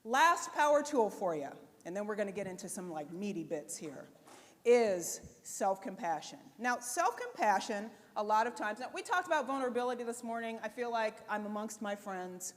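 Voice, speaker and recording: A woman giving a motivational conference talk, chatty and animated, speaking straight to the audience. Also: mid-range voice, moderate pace. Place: conference stage before an audience. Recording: live talk in a reverberant hall.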